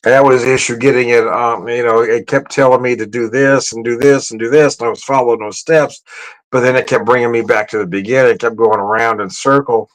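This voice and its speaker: A man chatting casually on a home livestream about beer, rambling from one thought to the next. His pitch sits in the middle of the range, and he laughs often and doubles back on his words. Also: steady tone, brisk, low-quality recording. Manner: rambling, chuckling, self-correcting; raises his voice high to mimic greetings. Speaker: beer vlogger.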